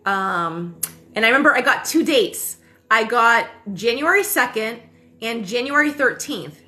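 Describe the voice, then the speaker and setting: A woman in her thirties chats on a phone livestream, her voice bright and a touch high. She rambles through a personal story, fills pauses with ums and corrects herself mid-sentence. She swears casually. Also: animated. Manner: rambling, full of fillers and self-corrections. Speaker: spiritual livestream host.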